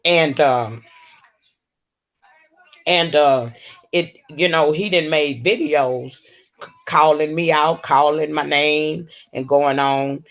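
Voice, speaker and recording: Lady talkin slow on her livestream, sweet-talking the chat, lots of baby and honey. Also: deep voice, fairly even intonation. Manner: slow, drawling, full of terms of endearment. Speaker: livestream host. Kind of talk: casual livestream chat with viewers.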